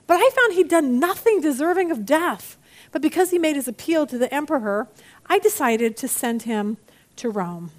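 A woman teaching a Bible study lesson in a chatty, animated way, acting out the people she quotes. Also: high voice, moderate pace.

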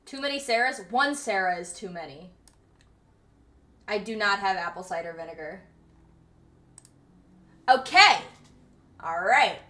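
A woman's voice: lowish voice, expressive, a little slow, pauses often, bright, forceful tone. A young woman live streaming, chatting casually with viewers and swearing freely while she sorts out her setup. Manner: loose and profane, talking to chat while fixing her setup. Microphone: streaming microphone.

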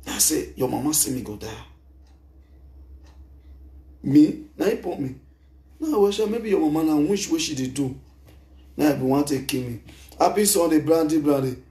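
A middle-aged Nigerian man with a Nigerian accent, giving an emphatic, animated spoken testimony into a handheld microphone, mixing English and Pidgin. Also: a little high, fairly quick, reverberant. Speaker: speaker giving a testimony at a gathering.

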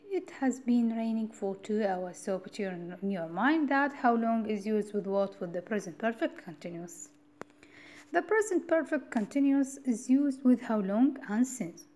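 A woman's voice: a little high, a little mellow. A woman from Iraq giving a university grammar lecture, explaining step by step, repeating key points and asking rhetorical "what?" questions. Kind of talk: recorded classroom lecture.

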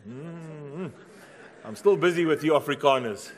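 South African pastor preaching a sermon. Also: male voice, on the high side, expressive, unhurried. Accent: South African English. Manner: storytelling, swinging from hushed to loud exclamations. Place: church.

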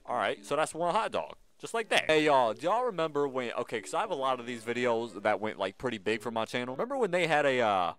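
A man's voice: mid-range voice, very animated, fast, few pauses, a bit bright. A man hosting a gaming channel, giving casual gameplay commentary and playfully bantering with the game's customers.

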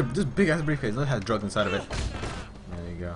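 A man streaming a video game, talking loudly and goofily as he plays, yelping and humming tunes. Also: on the low side, lively intonation, fairly quick. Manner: loud, goofy, yelps and hums tunes. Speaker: gaming streamer. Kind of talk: excited let's-play commentary.

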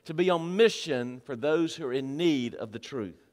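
A man with a high voice preaches a sermon as pastor, rising to loud emphatic lines and then dropping low and quiet. His voice rings through a church hall with a long reverb tail. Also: animated, normal speed. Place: church sanctuary.

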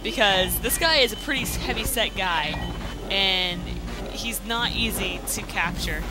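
A woman giving goofy, joking commentary while playing a video game, exclaiming loudly at what happens on screen. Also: on the high side, big pitch swings, brisk. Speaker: let's play commentator. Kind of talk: casual gameplay commentary. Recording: game music playing behind.

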